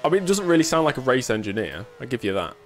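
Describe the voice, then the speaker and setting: A man's voice: mid-range voice, very animated, racing, faint music behind. Chatty man streaming a race game. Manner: chatty, answering viewers casually; dry self-mocking humor. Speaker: sim racing streamer. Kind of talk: live gameplay commentary.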